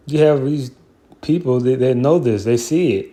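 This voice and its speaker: A man with a dark, mellow voice talks through scripture in a loose, heated way. He swears freely and circles back with lots of fillers as his indignation builds. His delivery stays mid-pitched and conversational. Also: fairly quick. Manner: heated, profane, rambling with many fillers. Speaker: Bible commentator. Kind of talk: casual scripture commentary.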